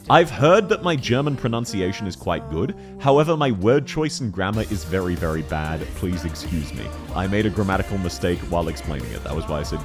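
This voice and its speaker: A young man with an Australian accent, a VTuber streamer chatting playfully with viewers while he plays a game. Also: lowish voice. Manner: playful, teasing, quick to laugh. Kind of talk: casual livestream commentary.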